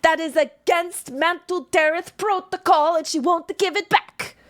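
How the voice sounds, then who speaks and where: A woman voicing an angry, gruff male duergar merchant who curses indignantly. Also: very high-pitched, steady tone, measured pace, pitched above the performer's own voice. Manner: cursing, indignant.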